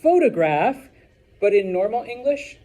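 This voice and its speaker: A man's voice: high voice, very animated, measured pace, warm tone. A man teaching a Spanish class to students, talking casually and checking in with "okay?" after each point.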